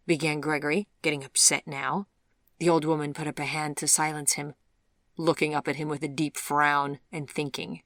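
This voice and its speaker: A woman narrating a fairy-tale audiobook in a measured, even storytelling manner. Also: deep voice, no room sound, clean studio sound. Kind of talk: scripted narration.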